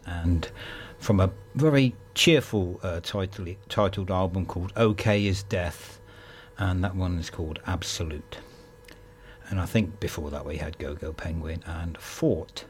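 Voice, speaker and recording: Male music radio host, very deep voice, relaxed rambling back-announce. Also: slight background noise. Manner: rambling, thinking aloud with many fillers. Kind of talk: casual back-announcing between tracks.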